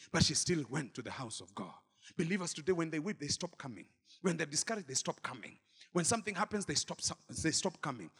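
A male pastor preaching a sermon in church, swinging from shouted exhortation to quiet asides. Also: on the high side, breathy edge, big-room sound. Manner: dramatic, swings between shouting and murmuring asides.

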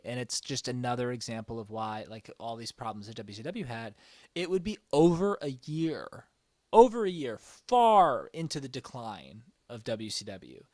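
A man co-hosting a casual wrestling recap podcast, chatty and quick to chime in with agreement. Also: medium pitch, dry recording. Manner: chatty, quick agreeing interjections, laughs often. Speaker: podcast co-host.

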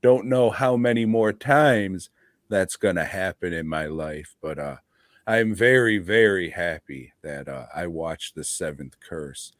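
A man's voice: deep voice, unhurried, no room sound, studio quality. A man co-hosting a podcast, talking in a rambling, profane, laid-back way about movies. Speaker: podcast co-host. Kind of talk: casual chat.

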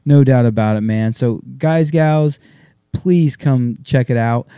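A man's voice: medium pitch, takes it slowly, dark tone, clean tone, dry recording, dull audio. A man hosting a casual interview, chummy and laid-back, calling people dude and man. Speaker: host.

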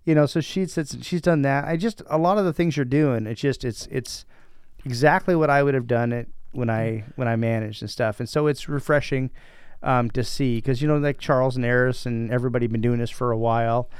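Man co-host, smooth resonant voice, encouraging, dry close sound. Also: mid-range voice, steady tone, fairly quick, a little mellow, no room sound. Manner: encouraging, hesitant restarts. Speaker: podcast co-host. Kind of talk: casual podcast chat.

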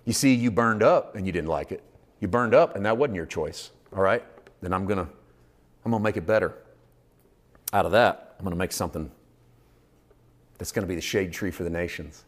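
A man preaching a sermon at a church service, impassioned and shifting from quiet intimacy to loud shouting. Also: low-pitched, a little fast, long pauses.

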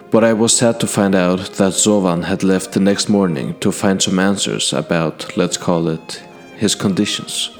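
A deep-voiced male storyteller narrates a fantasy adventure in character. Speaking in the first person, he recounts his past deeds to a king in a measured, earnest manner.

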